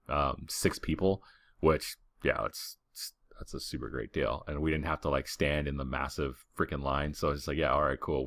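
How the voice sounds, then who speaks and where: Very deep-voiced laid-back man. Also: a bit bright, no room sound, studio quality. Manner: rambling, filler-heavy, laid-back. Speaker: podcast host. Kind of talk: casual travel storytelling.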